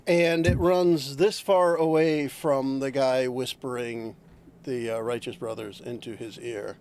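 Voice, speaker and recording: A man running a tabletop game as game master, relaxed and laughing, thinking aloud as he checks the rules. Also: medium pitch, unhurried.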